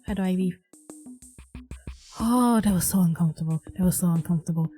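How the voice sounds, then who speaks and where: A woman's voice: fairly low pitch, unhurried, long pauses, breathy edge, soft background music. A woman gaming streamer reacting bluntly while playing a story game and reading its narration aloud. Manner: reacts bluntly, expressive asides. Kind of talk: let's play commentary and reading game text.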